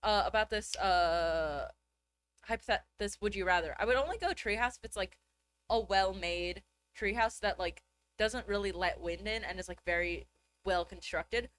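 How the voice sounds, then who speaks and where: A woman's voice: medium pitch, moderate pace, a bit bright, slight background noise. A woman in casual chat, rambling chattily with lots of filler. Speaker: co-host.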